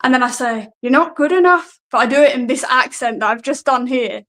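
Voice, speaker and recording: A wrestler, talking in a casual, hesitant way and often laughing at herself. Her voice sits a little high for a woman. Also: steady tone, a little fast, fairly bright tone, rough recording. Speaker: guest wrestler. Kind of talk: casual interview answers.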